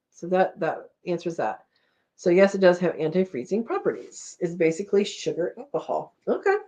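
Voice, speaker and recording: A woman's voice: medium pitch, a little mellow. A woman hosting a homesteading live chat, casually reading viewer comments aloud and rambling with frequent laughs.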